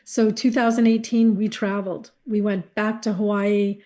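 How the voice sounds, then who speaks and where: A woman's voice: medium pitch, level tone, moderate pace, warm tone. A woman being interviewed, telling a candid personal story and quoting others with animation. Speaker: guest, caregiver wife.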